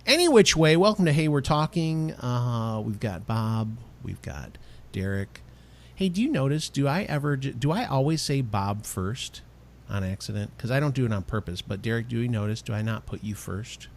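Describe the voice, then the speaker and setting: A man hosting a podcast in loose, casual chat. His voice swings up and down a lot as he rambles, and he laughs easily. His pitch sits in the middle for a man. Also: slight background noise. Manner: animated, rambling, quick to laugh. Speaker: podcast host.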